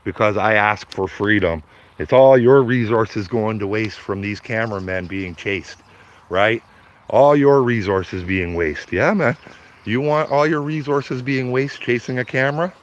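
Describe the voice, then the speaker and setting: A man's voice: fairly low pitch, unhurried, highs cut off. A man live-streaming to his viewers, ranting heatedly and profanely, repeating himself as he walks outdoors by his garden. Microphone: phone.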